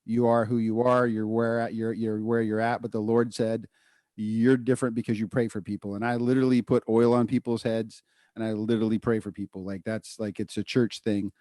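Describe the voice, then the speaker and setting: A man co-hosting a podcast, telling a candid personal story in casual chat, full of fillers and quick asides. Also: fairly low pitch, level tone, mellow, no echo, clean studio sound. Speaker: podcast co-host.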